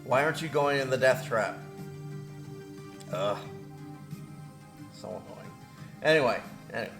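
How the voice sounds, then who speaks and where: A man's voice: medium pitch, animated, a little slow, echoey room, music in the background. A man hosting a let's play, rambling through his moves and griping about the game in a self-deprecating way. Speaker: gaming video host.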